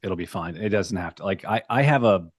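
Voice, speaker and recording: A man's voice: deep voice, a little fast, no echo, studio quality. A man co-hosting a podcast, recounting a band's history from his notes in a storytelling way over casual chat. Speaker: podcast co-host.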